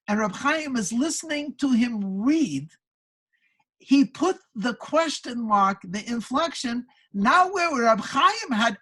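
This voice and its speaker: Woman storyteller at a community gathering, reflective, husky, slightly high pitch. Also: a bit bright, poor audio. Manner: earnest, reflective, frequent stammered restarts. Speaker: speaker at a religious gathering.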